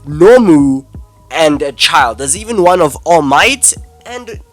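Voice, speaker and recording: A man's voice: fairly high pitch, lively intonation, a little slow, a bit bright, no echo, faint music behind. A young man giving an angry, exasperated, swearing commentary rant. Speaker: commentary YouTuber. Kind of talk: ranting video commentary.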